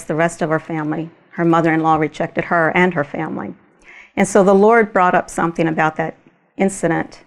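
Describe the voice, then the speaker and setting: Slow-spoken woman retelling a testimony. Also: on the low side. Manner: slow, deliberate storytelling with small laughs.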